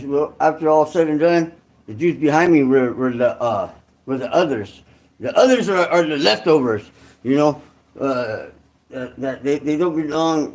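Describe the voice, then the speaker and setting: High-voiced rambling, slangy man. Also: darkish tone. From Santa Clara, California. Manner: rambling, slangy, many restarts and asides. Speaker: online creator host. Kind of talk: casual storytelling monologue.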